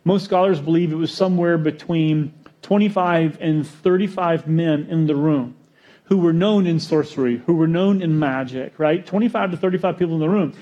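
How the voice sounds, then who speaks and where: A man preaching a sermon, storytelling with jokes and acting out quotes in an animated way. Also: a little high, normal speed, highs cut off. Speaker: pastor.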